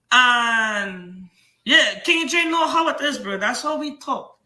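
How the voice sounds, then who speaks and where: A man's voice: very high voice, lively intonation, slow pace, pushed and bright, roomy sound. A man with a Trinidadian accent, a comic book seller giving a rambling, heated, repetitive defense of himself on his livestream.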